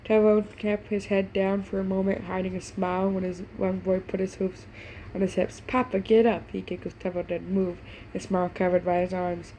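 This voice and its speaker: A woman's voice: medium pitch, completely flat delivery, moderate pace, dark tone, a little hiss or hum, rough recording. A woman reading fan fiction aloud, stumbling over words, doing voices for the characters and stopping now and then to react. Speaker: fanfiction reader.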